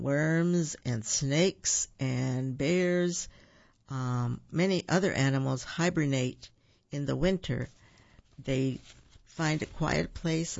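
Gravelly reader doing a kids storybook, little ums to explain stuff, muffled dry sound. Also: medium pitch, no echo. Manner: pauses with ums to explain words to listeners. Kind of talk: reading a children's storybook aloud. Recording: dull, dry recording.

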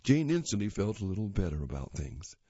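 A man reading a magazine story aloud at a plain, unhurried pace. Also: lowish voice, sing-song, mellow, breathy edge, no echo. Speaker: reader. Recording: dull lo-fi dry recording.

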